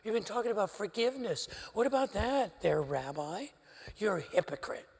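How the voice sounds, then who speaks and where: A man voicing scheming pious male religious leaders in a low, hushed, conspiratorial mutter. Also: sing-song, moderate pace, vocal fry, husky, big-room sound, full character voice. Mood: mocking.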